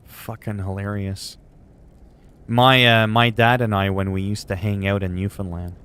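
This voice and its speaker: A man's voice: lowish voice, flat delivery, a little slow, fairly bright tone, smooth. A man streaming games, chatting in a rambling, joking way with some swearing. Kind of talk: casual chat while gaming.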